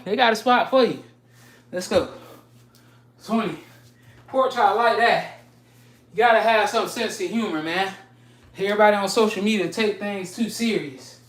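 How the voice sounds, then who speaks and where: A woman streaming a workout live, counting her push-up reps aloud, winded and sighing between sets, trading slangy trash talk. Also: mid-range voice. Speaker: fitness streamer. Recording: echoey room, far from the mic.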